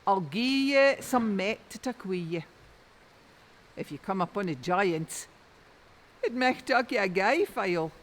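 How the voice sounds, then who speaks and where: A woman's voice: mid-range voice, expressive, unhurried, long pauses, close to an everyday voice. Woman playing a fretful Doric crofter's wife. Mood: motherly. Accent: Doric Scots. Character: anxious crofter's wife, a worried mother. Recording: long reverb.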